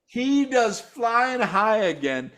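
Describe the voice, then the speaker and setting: High-voiced man ranting. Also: very animated, takes it slowly. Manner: swears constantly, exasperated; mimics singers and guitars in loud mocking voices. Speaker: show host reviewing a concert. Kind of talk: profane ranting commentary.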